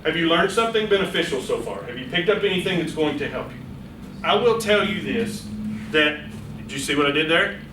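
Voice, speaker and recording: A man giving a lively, playful public speaking workshop to a small audience in a meeting room, speaking straight to them. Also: on the high side, fast talker, noisy background. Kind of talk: live workshop lecture. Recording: echoey room, voice from a distance.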